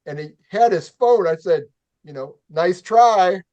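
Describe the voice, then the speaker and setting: A man hosting a casual talk show, telling a story in an animated, profane way and acting out the quotes. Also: sits high, a little slow, muffled recording. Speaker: show host.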